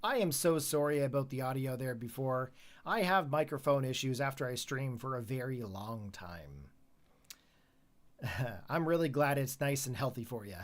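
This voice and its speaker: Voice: medium pitch, animated, moderate pace. A streamer giving playful live commentary while playing a game, laughing often and greeting viewers by name. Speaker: let's play streamer.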